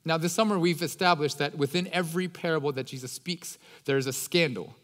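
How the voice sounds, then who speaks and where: A man preaches in a relaxed, slangy way, as if chatting with the congregation. His voice sits fairly high for a man. The sound carries a long reverb from a big hall. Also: brisk. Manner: casual, slangy storytelling. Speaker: pastor. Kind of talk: sermon.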